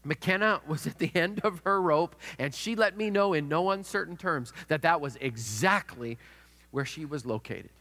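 Bright-voiced male pastor in a reverberant hall. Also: on the high side, animated, normal speed. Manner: storytelling, dramatic shifts in loudness. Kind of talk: sermon.

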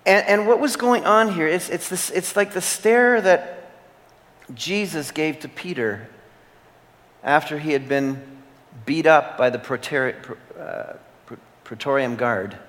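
A man preaching a sermon as a pastor. He speaks earnestly, repeats key phrases and holds long dramatic pauses. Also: a little high, fairly bright tone. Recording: long hall reverb.

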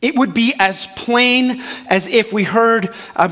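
A man preaching a sermon as a pastor, animated and full of restarts, acting out the voices of the people he quotes. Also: extremely high pitch, slow, in a large hall. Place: church auditorium.

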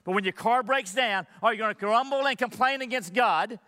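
Pastor guy preaching, kinda high voice, lots of rhetorical questions, big echoey hall. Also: brisk, pushed and bright. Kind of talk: sermon.

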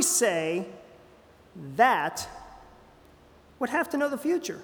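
A man's voice: extremely high pitch, very animated, slow pace, long pauses, long reverb tail. A man preaching a sermon as pastor, talking in a conversational way with frequent fillers and restarts, heard in a church sanctuary.

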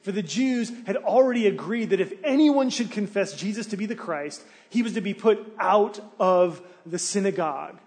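Animated pastor preaching in an echoing hall. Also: male voice, high voice, moderate pace, hardly any pauses. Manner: animated storytelling, acting out townspeople's voices. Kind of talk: sermon.

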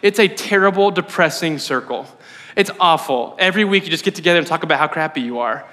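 A man preaching a sermon as pastor, conversational and animated, often checking in with the audience. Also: on the high side, quick pace. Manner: conversational, animated, frequent "right?" asides. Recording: long hall reverb.

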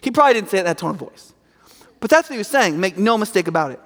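A man's voice: sits high, very animated, rapid-fire, fairly bright tone, long reverb tail. A man preaching a sermon in a conversational, emphatic way, often checking in with "right?".

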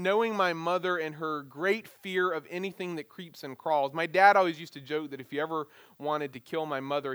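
A middle-aged man preaching as a pastor, moving from prayer into an animated, self-deprecating personal story. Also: a little high, no echo.

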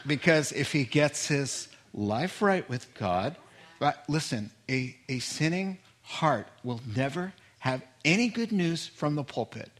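A man preaching a sermon, telling stories with animated quoted voices and frequent laughter. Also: a little high, unhurried. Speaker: pastor.

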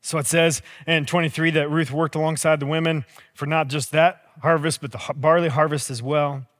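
Pastor, young adult man, high voice, chatty storytelling sermon, hall echo. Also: brisk. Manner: conversational storytelling, animated asides. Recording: long hall reverb.

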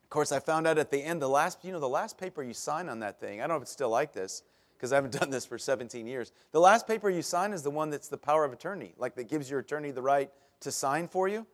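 A middle-aged man preaching a sermon as pastor, telling stories in a chatty way with self-deprecating humor that grows animated at the punchlines. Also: fast talker. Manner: animated, rises in pitch and volume at punchlines.

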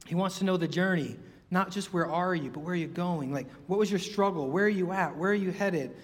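A man's voice: high-pitched, a little fast, in a large hall. A man preaching a sermon in a conversational way, full of rhetorical questions and acted-out quotes.

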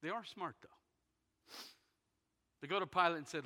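A man preaching a sermon, retelling a story dramatically and swinging from loud bursts to hushed near-whispers. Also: on the high side, a little slow. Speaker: pastor. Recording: long hall reverb in a big sanctuary.

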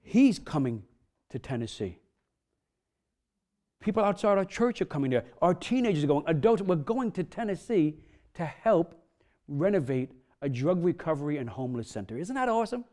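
A man's voice: on the high side, big pitch swings, moderate pace, warm tone. A male pastor preaching a sermon in a casual, rambling way that builds into emphatic exhortation.

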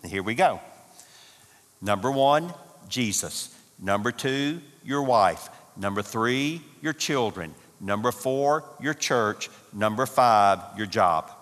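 A man's voice: mid-range voice, lively intonation, slow pace, fairly bright tone. Folksy man in his sixties, hall echo. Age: 60s. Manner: folksy, humorous, emphatic with repetition. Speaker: seminary professor speaking at a marriage conference. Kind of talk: conference talk to couples. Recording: long hall reverb.

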